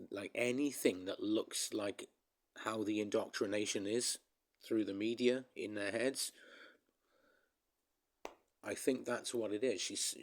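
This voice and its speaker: A man vents in a casual vlog, talking straight to his viewers with a rambling, emphatic flow. His voice sits a little low, and he keeps calling his audience guys as he restarts his thoughts. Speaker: vlogger.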